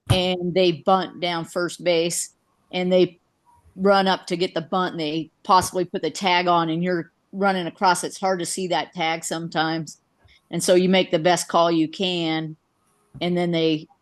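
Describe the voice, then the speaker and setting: A woman in an umpire class asks about a play. Her voice sits low and stays flat as she lays out the situation. She talks steadily. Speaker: participant umpire. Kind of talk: asking a question in a class.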